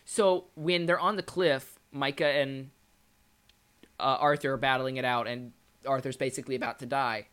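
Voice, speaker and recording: A man's voice: mid-range voice, fairly even intonation, moderate pace, a bit bright, smooth. Passionate man breaking down a story. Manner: passionate and analytical, often repeating words as he builds a point. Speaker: podcast co-host. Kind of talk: casual chat about a video game.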